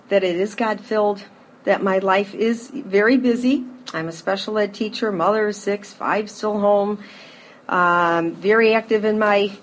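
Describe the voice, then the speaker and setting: A middle-aged woman giving a personal recovery testimony to a live audience, telling her story in a lively way, acting out scenes, with frequent fillers. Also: medium pitch, a little hiss or hum. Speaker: speaker sharing a recovery story.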